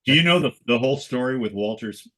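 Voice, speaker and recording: A man's voice: mid-range voice, quick pace. An older man, a guest photographer, telling stories in conversation and acting out the voices of the people he quotes. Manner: animated storyteller who acts out quoted voices. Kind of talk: conversational storytelling.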